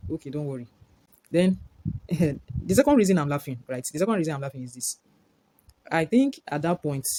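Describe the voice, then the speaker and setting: A man giving animated, exasperated commentary in a casual video review, leaning on "like" as he talks. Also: fairly high pitch, no echo. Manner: animated, exasperated, repeats "like" often. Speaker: reality TV reviewer.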